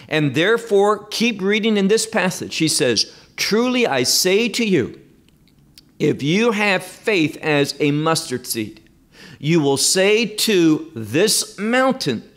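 Brief: male Bible teacher, slow deliberate delivery, animated pitch, emphatic repetition. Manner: emphatic, measured, repeats key phrases for stress. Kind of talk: Bible study lesson.

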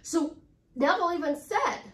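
A woman's voice: extremely high pitch, expressive, moderate pace, a bit bright. A middle-aged woman life coach chatting to camera in an upbeat way, repeating affirmations with chatty asides. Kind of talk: casual motivational talk to camera. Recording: roomy sound, distant from the mic.

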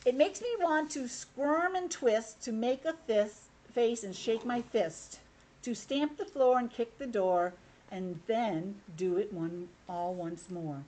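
A woman voicing an angry little boy who shouts rhyming lines at monsters while reading a picture book aloud. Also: a little high, takes it slowly. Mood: angry shouting. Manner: yelling, stamping rhythm of rhyme.

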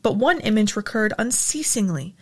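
Woman, audiobook narrator, steady storytelling, middle pitch. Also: normal speed, husky. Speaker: audiobook reader. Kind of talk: reading a novel aloud.

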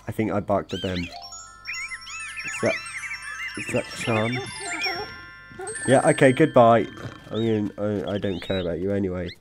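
Slow-talking man rambling over a game. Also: lowish voice, faint music behind. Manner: rambling, jokey, talks to in-game creatures. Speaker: gaming video creator. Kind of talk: casual let's-play commentary.

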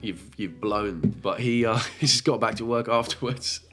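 A man's voice: medium pitch, steady tone, normal speed, over loud music. A young man hosting a reaction video, making sarcastic jokes and laughing often. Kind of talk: casual commentary.

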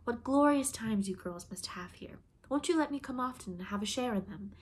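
A woman's voice: on the high side, expressive, moderate pace, slight background noise, voice pushed up, close to an everyday voice. A woman reading the part of an impulsive, gushing young woman who speaks in an eager, confiding way.

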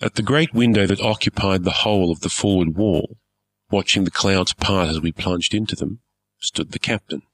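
A man reading a first-person story aloud in a measured, formal storytelling manner. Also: deep voice, a bit bright, dry recording, low-quality recording. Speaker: story narrator.

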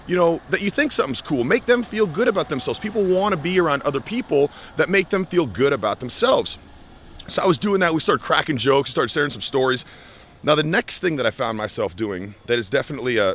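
A young man from the United States, a life skills coach, tells a story in a lively vlog style and acts out the voices of the people he quotes. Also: fairly high pitch.

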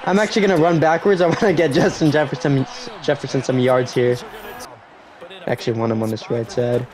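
A young man giving live commentary on his own football video game, cheering loudly on big plays and grumbling when things go wrong. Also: mid-range voice, fairly even intonation, moderate pace, a crowd in the background. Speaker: gaming YouTuber.

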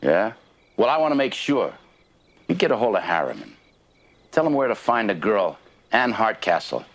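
An actor playing an anxious, pushy schemer covering up a crime. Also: male voice, on the low side, very animated, moderate pace, a little hiss or hum. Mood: worried. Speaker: schemer worried about a witness.

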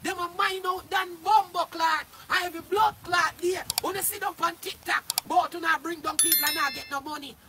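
Shouting high-voiced Jamaican man. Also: steady tone, moderate pace, few pauses, very noisy. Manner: loud, cursing, often shouting. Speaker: social media personality. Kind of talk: angry livestream rant.

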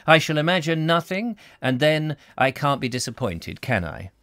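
A man's voice: on the high side, very animated, moderate pace, fairly bright tone, no room sound, clean studio sound, pitched above the performer's own voice. A man doing a fussy scheming bachelor gent. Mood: flustered. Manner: fussy, insistent, overly polite. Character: fussy scheming middle-aged bachelor gentleman. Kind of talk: audiobook reading live.

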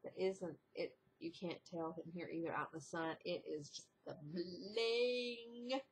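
A woman vlogger chatting casually at home in a rambling video diary, breaking into high, excited exclamations. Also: unhurried, slight background noise. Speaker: diet vlogger. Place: indoors at home.

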